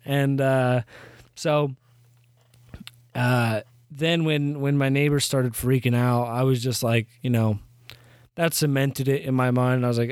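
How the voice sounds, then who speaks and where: A young man hosts his own podcast and tells a long story in a loose, rambling way. He trips over his words and restarts sentences, and his humor is dry and sarcastic. His voice sits at an ordinary middle pitch, recorded close and dry with no room sound. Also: fairly even intonation, a little slow, a little mellow, smooth, no room sound. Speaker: podcast host. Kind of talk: casual storytelling monologue.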